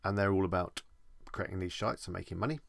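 A man's voice: sits low, fairly even intonation, fast, creaky, a bit bright, no echo, clean studio sound. A man with an English accent, chatting casually as he answers viewer questions on a live stream.

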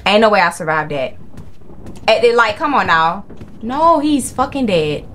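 A young woman hosts her own horror gaming video, swearing freely and reacting in jumpy bursts. Her voice sits at a middle pitch but swings widely and animatedly between highs and lows. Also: unhurried, slight background noise. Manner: excitable, profane, jumpy reactions. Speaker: gaming channel host. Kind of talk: live horror game commentary.

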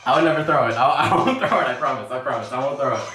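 A woman streaming a game, excitable and swearing often, yelling when she scores. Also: rumbling low, very fast. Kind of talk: live game stream commentary. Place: bathroom. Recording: echoey bathroom, distant from mic, faint game music.

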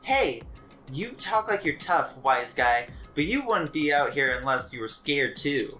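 Brief: a man putting on a bossy girl, higher voice, scolding. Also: very animated, measured pace, pushed and bright, soft background music, heavily acted. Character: bossy young female classmate, scolding.

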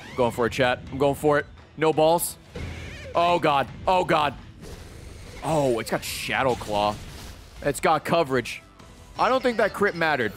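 A man in his thirties commentating live on his gameplay, swearing and reacting loudly and excitably. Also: a little high, a little slow, pauses often, faint music behind. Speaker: streamer playing a video game.

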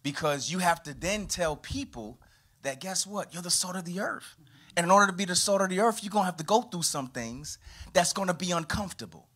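A pastor delivers a sermon in a church, his voice pitched a little high for a man. He preaches with swings of pitch and loudness, sometimes punching out a phrase and sometimes dropping low and quiet. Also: brisk, husky. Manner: animated preaching with sweeping pitch and volume.

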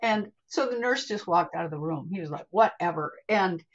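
An older American woman with a husky, breathy, fairly low voice tells a personal story as a podcast guest. She is chatty and animated, dropping in a casual "honey." The recording sounds a little dull and lo-fi. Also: fairly quick. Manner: chatty, calls the listener honey; animated, vivid retelling with acted asides. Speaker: podcast guest, spiritual healer.

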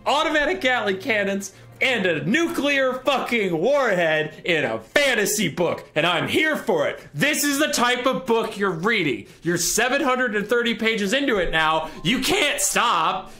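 A man's voice: high-pitched, very animated, unhurried, few pauses, pushed and bright, faint music behind. A man casually retelling a book's plot for laughs, sarcastic and profane. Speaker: storyteller. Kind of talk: casual comedic lore retelling.

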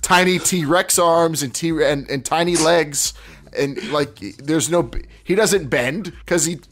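A man's voice: on the high side, a little slow, a bit bright. A man hosting a wrestling podcast, chatting casually in a rambling way, with restarts and laughing asides. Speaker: podcast host. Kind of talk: casual chat.

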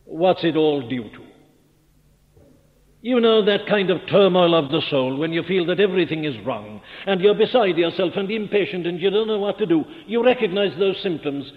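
A man's voice: sits high, animated, moderate pace, narrow, tinny audio. A man preaching a sermon with earnest rhetorical questions, building to fervent emphasis, recorded on an old archival tape. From Wales. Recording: old archival tape, phone-thin sound, long hall reverb.

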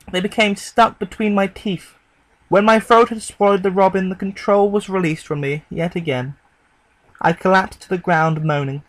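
High-voiced man reading horror. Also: no room sound, poor audio. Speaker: horror story narrator. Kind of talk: dramatic horror story reading.

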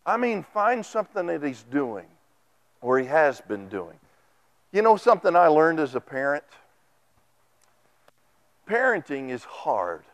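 Animated, high-voiced male preacher. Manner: animated, folksy, acts out quotes. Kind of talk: sermon. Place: church sanctuary. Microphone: microphone.

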